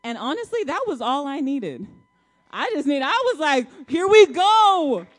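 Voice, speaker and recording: This church speaker, a married adult woman of child-bearing age, delivers her testimony straight to the congregation in an emphatic, colloquial storytelling manner. Her voice is high-pitched with big swings in pitch, at a moderate pace.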